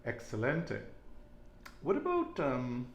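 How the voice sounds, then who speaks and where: His medium-pitched voice swings hugely in pitch as he speaks slowly through a Spanish lesson. He quizzes a student patiently and repeats her replies back with encouragement, in an echoey room with faint noise.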